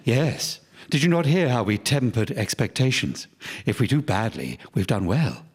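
A man's voice: medium pitch, sing-song, moderate pace. An actor playing a smug male minister who spins bad news in self-satisfied circles in a satirical radio sketch. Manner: smooth, self-satisfied spin.

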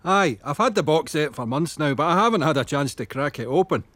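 A flustered Scottish shopkeeper. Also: male voice, on the high side, expressive, brisk, a bit bright, no room sound. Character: awkward, eager man who woos his delivery driver.

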